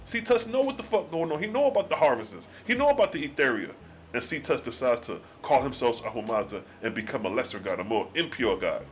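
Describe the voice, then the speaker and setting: A man hosting a live scripture study, reading archaic verses slowly and then explaining them in slangy casual talk. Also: mid-range voice, very animated, faint music behind. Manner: alternates slow archaic reading with slangy commentary.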